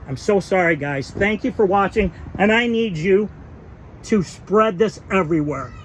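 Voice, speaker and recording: A man with a fairly high voice delivers a heated, aggravated rant to camera about his airgun. His delivery is emphatic and worked up. Faint noise hums under the recording. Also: moderate pace, poor audio. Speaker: airgun channel host.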